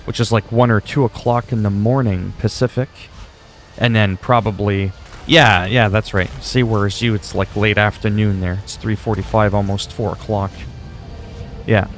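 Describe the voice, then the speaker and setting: A man's voice: fairly low pitch, steady tone, moderate pace, faint music behind. A man from Canada whose first language is French, chatting with viewers in a rambling, easygoing way while he plays games on a livestream. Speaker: game streamer. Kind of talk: casual livestream chat while gaming.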